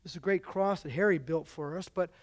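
A pastor delivering a sermon in a church, conversational and emphatic, with swells of volume. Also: male voice, high-pitched, fast talker. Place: church sanctuary.

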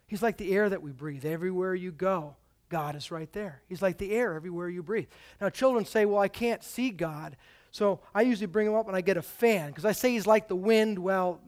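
A pastor delivering a sermon in a church, conversational and emphatic, with swells of volume. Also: male voice, high voice. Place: church sanctuary.

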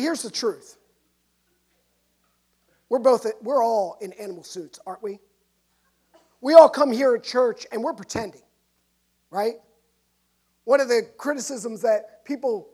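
A woman's voice: fairly high pitch, a little slow, pauses often, husky. Woman preacher telling a story. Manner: storytelling, swings from hushed to lively. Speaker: pastor. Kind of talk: sermon. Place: church.

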